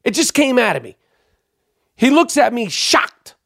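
A man hosting a podcast, telling a long story in a rambling, profane, excitable way. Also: very high voice, a little slow, vocal fry, dry recording, clean studio sound. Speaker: podcast host. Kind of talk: casual storytelling monologue. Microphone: podcast microphone.

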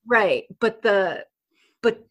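A woman's voice: mid-range voice, very slow, a bit bright. A woman guest telling a personal story in conversation, rambling with many fillers and restarts and nervous laughs. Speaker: interview guest.

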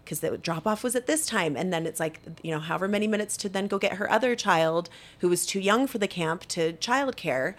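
A woman co-hosting a podcast, chatting and agreeing supportively with quick remarks. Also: medium pitch, lively intonation. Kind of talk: casual chat.

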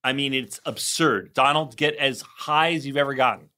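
A man's voice: mid-range voice, moderate pace, sharp tone. A man co-hosting a podcast, chatting casually with a caller, laughing often and restarting sentences. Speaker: podcast co-host. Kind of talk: casual chat.

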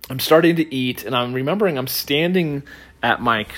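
Man, podcast host, casual storytelling, animated, frequent laughter, mid-range voice. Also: medium pitch, moderate pace. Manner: animated, laughing often, many fillers.

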